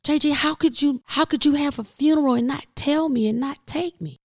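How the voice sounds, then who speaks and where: A woman's voice: high-pitched, fairly quick, a little mellow, no echo, clean studio sound, voice pushed up. A woman putting on the voice of her confused, stubborn elderly mother, who talks in an insistent, pleading way. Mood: distraught.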